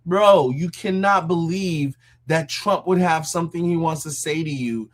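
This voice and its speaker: A man's voice: a little high, a little slow. A man hosts a casual commentary show, reacting to a clip with mocking disbelief. He talks loosely and conversationally and breaks into laughs often. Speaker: commentary host.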